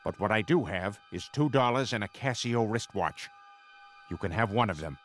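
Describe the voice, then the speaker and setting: An actor voicing a dim-witted, blunt middle-aged cartoon dad. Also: male voice, fairly low pitch, lively intonation, moderate pace, faint music behind, lightly acted. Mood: dopey. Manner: dopey and blunt.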